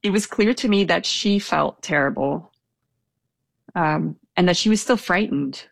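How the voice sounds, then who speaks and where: Low, gravelly young woman telling a story. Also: unhurried, no room sound. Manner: hesitant, self-deprecating, with small laughs. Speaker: storyteller guest. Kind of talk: casual anecdote telling.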